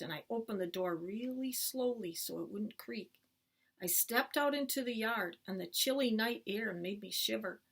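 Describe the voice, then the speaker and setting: A woman teacher reading a chapter book aloud to children, clear and expressive. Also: medium pitch.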